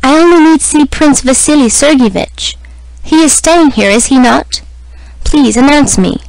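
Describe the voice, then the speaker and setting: Woman putting on a pleading aristocratic mother, middle-aged, imploring, gently insistent, higher pitched. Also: unhurried, creaky, no room sound, rough recording.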